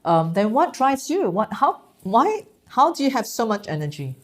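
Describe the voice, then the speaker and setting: A woman's voice: on the high side, sing-song, normal speed. A woman, a bank chief, turning the tables to interview her host with enthusiastic, eager questions and stumbling repeats. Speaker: bank CEO doing a reverse interview. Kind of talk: casual interview conversation.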